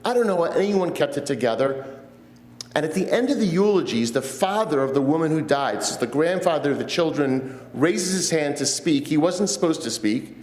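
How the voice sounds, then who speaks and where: A man in his fifties, a guest rabbi, preaching a sermon and telling stories earnestly, with pauses. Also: fairly high pitch, lively intonation, a little mellow. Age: 50s. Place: church sanctuary. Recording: echoey church sanctuary.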